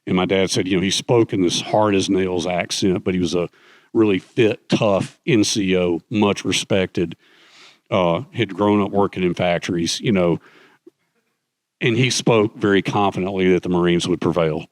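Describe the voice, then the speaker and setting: An older man with a low voice talks as a guest in an on-stage chat. He tells stories at length, full of fillers and restarts, and the sound is dry and close. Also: steady tone, normal speed, no room sound. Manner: rambling storyteller with many fillers. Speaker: guest author. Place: conference stage.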